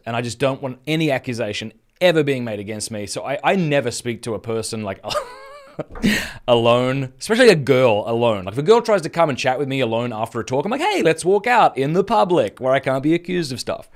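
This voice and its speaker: An Australian man in his thirties, hosting a live stream and telling a personal story in a casual, earnest way with frequent restarts. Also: mid-range voice. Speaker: Catholic speaker and podcast host.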